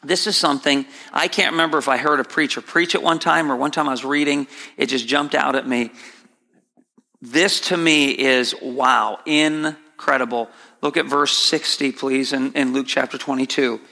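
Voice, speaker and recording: A man's voice: steady tone, normal speed, gravelly, sharp tone. Emphatic preacher man in a reverberant hall. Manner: emphatic, repeats key phrases, rising to high pitch for emphasis. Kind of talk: sermon. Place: church sanctuary, broadcast on air.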